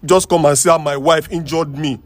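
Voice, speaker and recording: A man, a guest on a talk show, telling his personal story in an emotional, halting way and repeating himself. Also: on the high side, fairly even intonation, no room sound.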